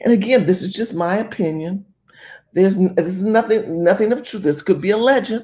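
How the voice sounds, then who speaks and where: A woman's voice: medium pitch, moderate pace. A woman from California giving emphatic, rambling political commentary. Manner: emphatic, rambling, animated delivery.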